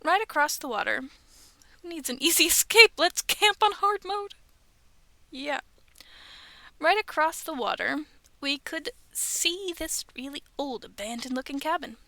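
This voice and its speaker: A woman in her thirties with a high, bright voice and a gravelly edge reads scary stories aloud. She keeps stopping for chatty asides and drops into soft whispers. The recording is close and dry. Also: expressive, normal speed, no room sound. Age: 30s. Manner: chatty, self-aware, often laughs and whispers asides. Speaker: streamer reading online stories. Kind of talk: casual reading with asides. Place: bedroom at home.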